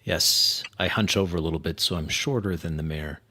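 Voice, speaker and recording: A man playing in a tabletop game, speaking in a measured, formal way. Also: deep voice, pushed and bright. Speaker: player. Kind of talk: in-character roleplay.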